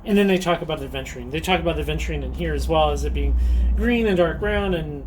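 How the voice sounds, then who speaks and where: A fairly high-pitched man talks fast over a little hiss or hum while hosting a casual rockhounding show-and-tell vlog. He's upbeat and chatty, with frequent ums and light laughs.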